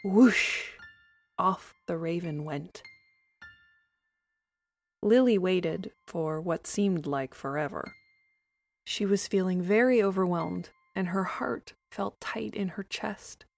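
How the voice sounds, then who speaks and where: A woman narrating a children's story in a gentle, expressive way. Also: lowish voice, slow pace, creaky.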